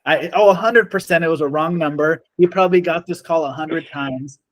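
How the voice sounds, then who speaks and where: A man telling a long story in casual chat, animated and acting out the quoted lines of the people in it. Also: fairly high pitch, brisk. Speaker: storyteller guest.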